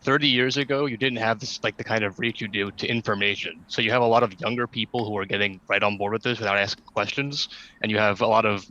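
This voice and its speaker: A man in a casual discussion, making brisk emphatic points over muffled audio. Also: on the low side, fairly even intonation, pushed and bright.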